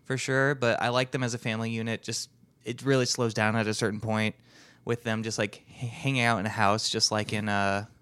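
A man's voice: fairly low pitch, level tone, brisk, fairly bright tone, clean tone, dry recording. A man co-hosting a casual movie podcast, talking in an easygoing way with frequent hesitations and fillers. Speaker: podcast co-host. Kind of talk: casual chat.

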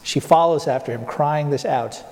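A male pastor preaching a sermon, putting rhetorical questions to the congregation and slowing down to stress key points. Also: a little high, darkish tone, in a large hall. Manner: asks the congregation rhetorical questions, slows down for emphasis.

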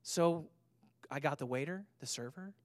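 A man in his thirties preaches a sermon, weaving a personal story with light humor. He swings from soft asides to loud, emphatic points. The sound is dry and close, with little room echo. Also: fairly high pitch, normal speed. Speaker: pastor.

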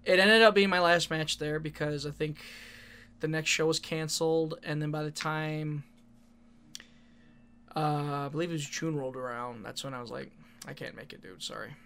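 A man's voice: on the high side, steady tone, moderate pace, fairly bright tone, slight background noise. A man telling rambling wrestling stories in casual talk, swearing freely and laughing often. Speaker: independent wrestler. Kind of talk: casual storytelling monologue.

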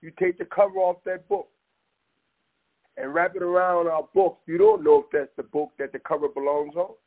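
A man speaks in an impassioned, rambling way and keeps pressing the listener directly. His voice is gravelly and sits a little high. The sound is thin and narrow, like a phone call. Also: animated, normal speed. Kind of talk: impassioned casual talk. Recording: tinny phone-line audio.

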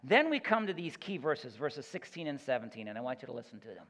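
A man's voice: mid-range voice, big pitch swings, quick pace, a bit bright. A man preaching a sermon as pastor, earnest and emphatic, often repeating words as he builds his point. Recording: echoey hall, dull lo-fi sound.

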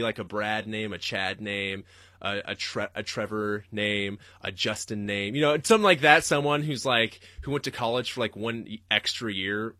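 A man hosting a podcast, ranting in a profane, rambling way and jumping suddenly into loud, high-pitched outbursts. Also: dry recording, clean studio sound. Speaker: podcast host. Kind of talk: livestreamed comedic rant.

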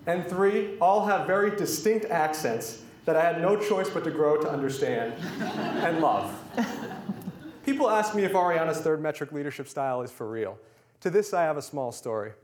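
A young man, a former chief of staff, giving a humorous prepared introduction at a podium in a lecture hall. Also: fairly high pitch. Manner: humorous, warm anecdotes drawing laughs. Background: audience laughter.

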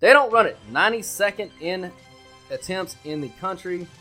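A man co-hosting a sports betting podcast, talking loudly and brashly with lots of swearing and hype. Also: high voice, expressive, normal speed, soft background music. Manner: loud, brash, profane and hyped. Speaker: podcast co-host.

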